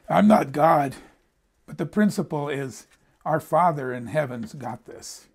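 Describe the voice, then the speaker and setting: An older American preacher tells personal stories in a conversational sermon, repeating words when he stumbles and restarts a sentence. His medium-pitched voice is gravelly and breathy-edged, animated yet slow, with frequent pauses.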